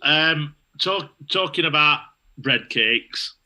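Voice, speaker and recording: Bright-voiced South Yorkshire man, teasing. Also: on the high side, animated, slow pace. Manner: teasing, playful dialect banter. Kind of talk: casual chat.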